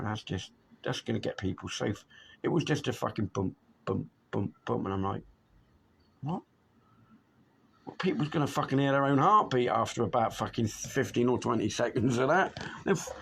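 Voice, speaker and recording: A man talks in a loose, rambling vlog chat. His voice is gravelly, with a middling pitch. He swears often and chuckles between thoughts. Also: a bit bright, a little hiss or hum. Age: 50s.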